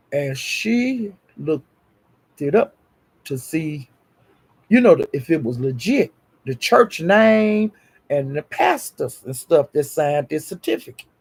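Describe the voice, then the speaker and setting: Gravelly, husky man telling gossip. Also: fairly high pitch. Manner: animated gossipy retelling. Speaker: storyteller. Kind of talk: casual storytelling.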